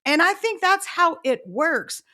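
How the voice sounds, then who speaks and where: A middle-aged woman, an author guest telling animated stories and acting out quotes. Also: extremely high pitch, a little slow. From Texas. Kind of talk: storytelling interview.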